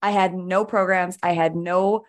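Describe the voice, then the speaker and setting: A woman guest on a mentoring podcast, telling her story with animated emphasis and frequent "like"s. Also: fairly low pitch, a little slow. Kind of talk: energetic storytelling in conversation.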